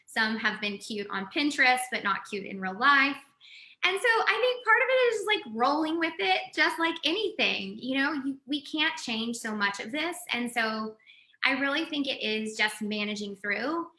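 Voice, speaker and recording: A woman from West Texas in her forties, talking in a chatty, animated way as a guest on a video call interview. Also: high-pitched, moderate pace, roomy sound. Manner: chatty, animated, laughs easily. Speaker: guest, communications executive.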